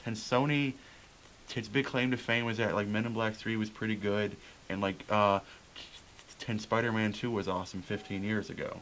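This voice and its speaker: A man's voice: fairly low pitch, steady tone, a little fast, fairly bright tone, a little hiss or hum, low-quality recording. A man co-hosting a movie podcast in casual chat, stammering with many false starts. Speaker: podcast co-host.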